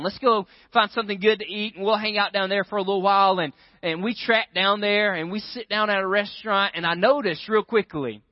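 High-voiced man telling a story. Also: dry recording. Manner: animated storyteller, keeps asking the crowd "right?". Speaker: pastor. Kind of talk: storytelling sermon. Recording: dry, dull lo-fi sound.

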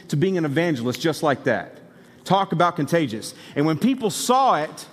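A male pastor preaching a sermon, telling a story and building to excited exhortation. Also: fairly high pitch, big-room sound.

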